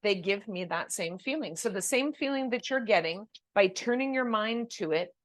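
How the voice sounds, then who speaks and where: Casting: woman, medium-pitched, chatty co-host explaining step by step, close dry sound at home. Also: moderate pace, no room sound. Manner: explanatory, leading questions, animated. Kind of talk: casual chat explaining spirit communication.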